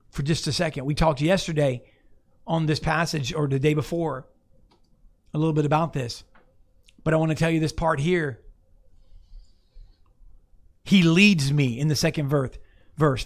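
A man preaching an off-the-cuff sermon, talking to listeners casually and asking them to look up verses. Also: on the high side. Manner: conversational, restarts, asks listeners to look up verses. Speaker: pastor.

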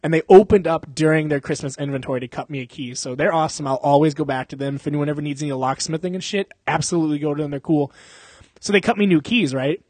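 A man's voice: fairly high pitch, quick pace, a little mellow, no room sound. A young man casually telling a long story on a podcast, rambling and swearing, with lots of fillers and mouth sound effects.

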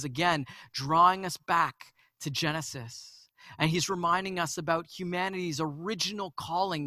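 A man preaching a sermon, earnest and storytelling, dropping soft and slow then rising loud and urgent, often repeating words as he restarts. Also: on the high side, dry recording, clean studio sound. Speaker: pastor.

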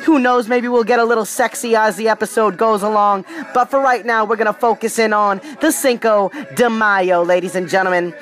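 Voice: mid-range voice, fairly even intonation, brisk, hardly any pauses. A podcast host, a little tipsy, reading history in a casual, playful way with slangy joking asides. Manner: hyped, playful, streetwise slang, repeats "ladies and gentlemen".

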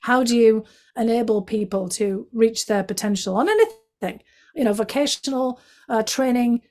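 A woman from Northeast England with a Northeast English accent, a guest telling stories from her life in a chatty way, full of "you know" and lively quotes of other people. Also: on the high side, normal speed. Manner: chatty, many "you know" fillers, animated quoting of others. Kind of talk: reflective storytelling in conversation.

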